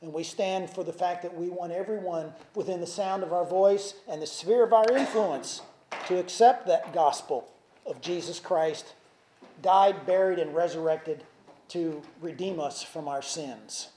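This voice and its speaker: A man's voice: high-pitched, unhurried, warm tone, roomy sound, slight background noise. A man preaching a sermon in a church, talking in a conversational way with asides and restarts. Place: church sanctuary.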